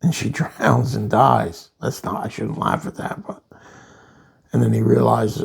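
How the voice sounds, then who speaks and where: Gravelly man reviewing comics. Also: mid-range voice, a little slow. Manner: rambling, retells the plot with asides.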